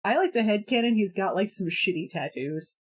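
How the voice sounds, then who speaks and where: A woman's voice: mid-range voice, lively intonation, a little fast, husky. Giggly, rambling woman streamer. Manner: rambling, laughs often, many fillers. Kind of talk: casual live-stream chat.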